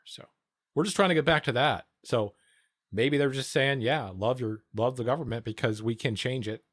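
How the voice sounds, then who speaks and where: A man's voice: mid-range voice, no echo, clean studio sound. A man livestreaming, reacting to the news in a casual political rant, profane, rambling and sardonic.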